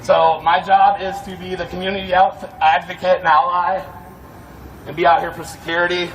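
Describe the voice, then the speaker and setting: An angry, fired-up man shouts a profane rallying speech to a crowd at a night street protest. His voice is high for a man and sits back from the mic, with faint street noise behind him. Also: little pitch movement, normal speed, distant mic, poor audio. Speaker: protest security volunteer.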